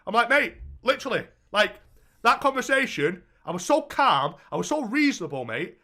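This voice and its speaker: A man's voice: sits high, big pitch swings, a little fast, pushed and bright. A young man co-hosting a podcast, telling a story in casual chat and swearing heavily. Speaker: podcast co-host.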